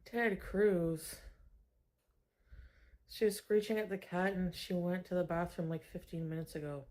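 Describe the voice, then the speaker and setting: A woman streaming from home, chatting casually and breaking into high baby talk now and then. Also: steady tone, a little slow, darkish tone. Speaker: livestreamer. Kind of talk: casual livestream chat.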